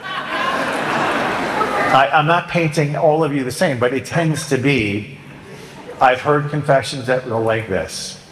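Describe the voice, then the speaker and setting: Man, priest giving a casual, joking sermon, middle pitch, roomy church with a long reverb. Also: slow, pauses often, background noise. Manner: conversational, joking, acts out penitents and himself.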